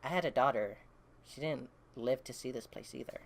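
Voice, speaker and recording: A woman's voice: extremely low pitch, moderate pace, creaky, pitched below the performer's own voice, exaggerated voice. A woman reading a comic aloud, voicing a polite but prying woman in charge. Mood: probing. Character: smooth, probing woman in charge.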